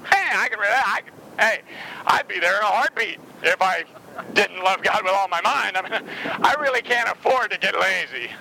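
A man in his thirties preaches with a bright, high-pitched voice and strong emphasis, often jumping into quick quoted voices. His delivery is animated and punchy. Traffic and city noise run clearly underneath the whole recording. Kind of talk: sermon.

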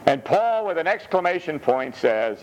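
Preacher, male, fairly high voice with a lot of swing in it, peppers his sermon with amens. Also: moderate pace, dull audio. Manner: animated, punctuates with "amen". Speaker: pastor.

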